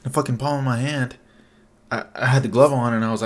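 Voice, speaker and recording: A man's voice: medium pitch, steady tone, fast talker. A young adult man telling a casual storytime vlog, rambling and profane, with lots of "like" fillers. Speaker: vlogger.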